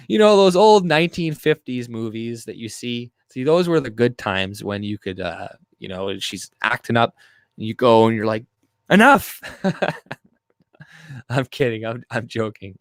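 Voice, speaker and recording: A man's voice: mid-range voice, expressive, normal speed, dry recording. A man hosting a livestream, reading chat aloud and ranting in a crude, rambling, profane way.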